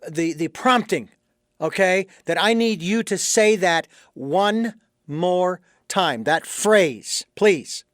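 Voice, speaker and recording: A man hosting an interview, asking careful, deliberate questions. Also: high voice, animated, a bit bright, no echo, clean studio sound. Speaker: podcast host.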